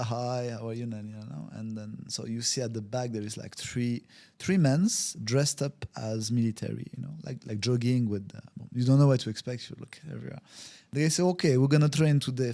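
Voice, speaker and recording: A wellbeing consultant appears as a podcast guest, telling a story conversationally, acting out scenes with quoted voices, using non-native phrasing, and frequently restarting sentences. His medium-pitched voice is warm and creaky, a little fast, with hardly any pauses.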